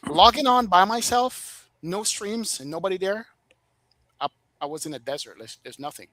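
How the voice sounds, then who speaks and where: A man with a Jamaican accent, a flight sim streamer telling stories in casual podcast chat, animated and laughing often. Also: high voice, moderate pace, no room sound, rough recording.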